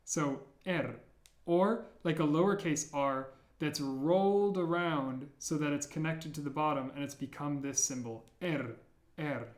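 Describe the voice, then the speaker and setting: A man with a fairly high voice walks beginners through an alphabet, sounding out each letter slowly and saying it again. His voice carries the echo of a bare room. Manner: repeats sounds slowly and clearly. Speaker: language teacher. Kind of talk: slow, careful alphabet lesson.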